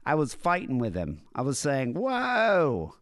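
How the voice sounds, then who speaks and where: A man's voice: mid-range voice, sing-song, moderate pace, dry recording, clean studio sound. Laid-back man reading out news. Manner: wry, laid-back storytelling with frequent fillers. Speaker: podcast co-host. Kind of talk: casual chat, reading out news stories.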